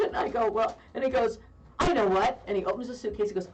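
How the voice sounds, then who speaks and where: A woman in her fifties co-hosting a radio talk show, telling a long story in a lively way with frequent laughter. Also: on the high side, fast talker. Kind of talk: casual on-air chat, storytelling. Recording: distant mic with faint background noise.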